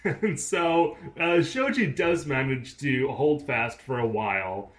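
A man's voice: mid-range voice, lively intonation, slow. A man co-hosting a podcast who recaps a TV episode in a casual chat, adding dry, wry quips. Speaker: podcast co-host.

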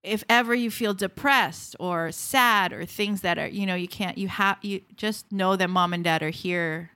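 A woman with a Filipino accent, co-hosting a podcast in casual chat, chatty and quick to laugh along. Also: medium pitch, sharp tone, smooth. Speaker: podcast co-host.

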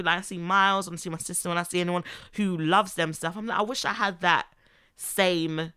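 A woman's voice: on the low side, fairly even intonation, a little fast, bright, forceful tone, smooth, dry recording, clean studio sound. A woman, co-hosting a casual podcast chat, giggly and emotional, sometimes reading aloud. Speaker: podcast co-host.

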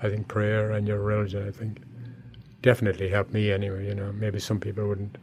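A man's voice: fairly low pitch, completely flat delivery, a little fast, darkish tone, a little hiss or hum. An Irish man in his seventies, rambling through memories with lots of "you know" and chuckles. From Ireland, Galway. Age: 70s. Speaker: interviewee, corner shop owner. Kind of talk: reminiscing conversational storytelling.

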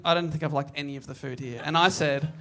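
A man's voice: on the high side, steady tone, fast, bright, forceful tone. A man from Australia hosting a podcast, recapping a play in chatty storytelling and laughing often. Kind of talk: casual comedic chat.

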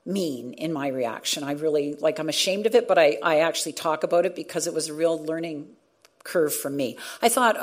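Earnest middle-aged woman, lowish voice. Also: fairly quick. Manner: earnest, with frequent restarts and acted-out quotes. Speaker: radio journalist and former show host. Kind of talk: reflective storytelling in a conversation.

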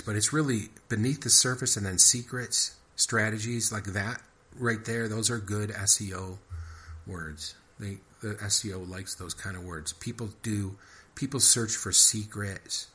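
Low-voiced man rambling on his podcast. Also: bright, forceful tone. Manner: rambling, thinking aloud, repeats himself. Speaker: podcast host and writer. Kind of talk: casual rambling commentary.

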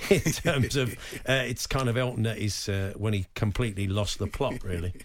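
A man's voice: on the low side, normal speed. A middle-aged man co-hosting a radio show in casual studio chat, wry and chatty, often trailing off and starting again. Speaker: radio co-host. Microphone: studio microphone.

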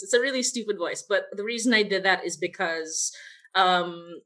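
A woman's voice: on the low side, steady tone, moderate pace, pushed and bright. Woman writer-host, rambly, self-deprecating, casual video-call Q&A. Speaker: podcast creator, writer and voice actor. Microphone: video call mic.

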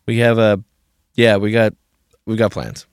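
A young man hosts a podcast in casual chat, loose and full of fillers, swearing freely. His voice sits fairly low and the sound is close and dry, with little room around it. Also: measured pace, clean tone, no echo. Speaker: podcast host. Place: small home studio.

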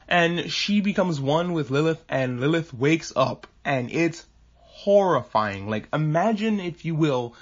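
Animated man on dull lo-fi audio. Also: a little high. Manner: animated, acts out characters' lines in quick asides, swears casually. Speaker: podcast host. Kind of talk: casual anime recap monologue.

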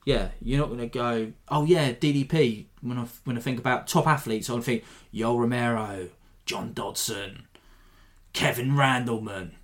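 Guy on a fight podcast, average pitch, rambly and animated, pokes fun at himself. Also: normal speed. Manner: rambling, animated, self-deprecating. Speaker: podcast host. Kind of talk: casual fight analysis.

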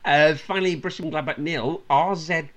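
A man's voice: a little high, normal speed, fairly bright tone. A man hosting a casual football podcast, reading out news items with chuckles and dry asides. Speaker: podcast host.

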